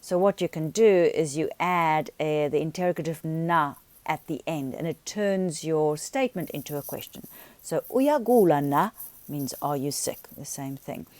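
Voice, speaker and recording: A woman teaching a beginners' language grammar lesson, explaining patiently and saying the example words slowly. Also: sits low, a little mellow, no room sound. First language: not Xhosa.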